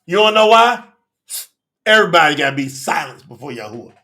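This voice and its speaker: A man preaching a fiery revival sermon, shouting and exclaiming, from Florida, emotional with his nose running. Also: fairly high pitch, big pitch swings, quick pace. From Florida, United States. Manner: shouting, preaching, Southern US vernacular speech.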